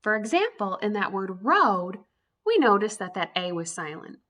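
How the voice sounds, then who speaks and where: A woman's voice: medium pitch, very animated, moderate pace, fairly bright tone. A woman teaching an early reading lesson to young children, sounding out letters one by one in an encouraging way.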